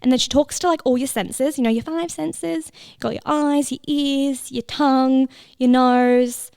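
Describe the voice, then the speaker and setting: A woman's voice: sits high, steady tone, measured pace, vocal fry, darkish tone, clean tone, no echo, studio quality. A woman, hosting a casual solo podcast, chatty and laughing, swearing freely and sometimes dropping into whispers. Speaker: podcast host. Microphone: close mic with headphones listeners.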